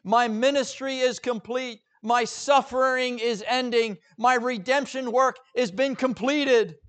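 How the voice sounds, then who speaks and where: A man's voice: extremely high pitch, steady tone, a little slow, a bit bright, voice pushed up. A male preacher speaking as a dying man in the first person, with solemn declarations of surrender.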